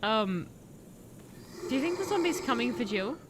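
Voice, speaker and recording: A woman streaming a horror game, chatting playfully with her chat and breaking into excited shouts. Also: fairly high pitch, moderate pace. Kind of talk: live game commentary. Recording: faint background noise.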